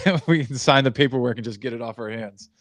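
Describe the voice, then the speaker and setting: A man's voice: medium pitch, fairly quick, fairly bright tone, no room sound. A man co-hosting a podcast who vents in rambling casual chat and laughs often. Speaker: podcast co-host.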